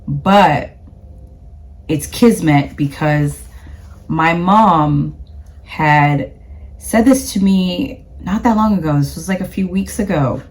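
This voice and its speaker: A woman from the United States, a vlogger chatting casually to camera in a rambling way with plenty of fillers. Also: on the low side.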